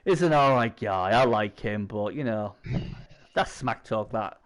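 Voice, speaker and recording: A man's voice: on the low side, measured pace. A man, hosting a stream in rambling, chatty banter. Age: 40s. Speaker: stream host. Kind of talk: casual chat.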